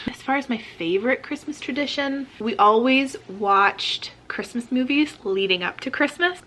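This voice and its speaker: A woman's voice: mid-range voice, fairly bright tone. An American woman hosting her own vlog, chatting casually with friendly asides to viewers. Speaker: vlogger host.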